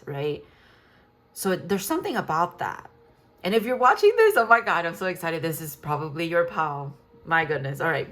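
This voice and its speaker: A woman's voice: on the low side, fairly bright tone. Rambling woman giving a tarot reading. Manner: rambling, enthusiastic, many restarts and fillers. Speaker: tarot reader. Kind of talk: casual tarot reading monologue.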